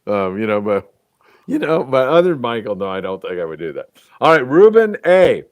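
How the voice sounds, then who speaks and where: A man in his sixties hosts a casual fishing talk show, telling stories, joking, and reading viewer comments aloud. His medium-pitched voice swings widely in pitch, he talks fairly quickly, and the recording is dry.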